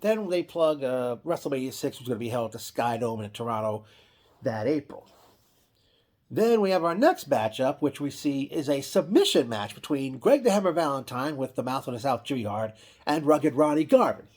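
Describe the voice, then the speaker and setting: A man's voice: mid-range voice, animated, normal speed, a little mellow. Man rambling through a wrestling recap. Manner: rambling, frequent restarts and self-corrections. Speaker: wrestling event reviewer. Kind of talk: casual play-by-play recap.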